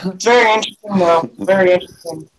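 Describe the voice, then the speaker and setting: A man's voice: high voice, quick pace, low-quality recording. A man chatting casually on a group stream, rambling and hedging with lots of ums.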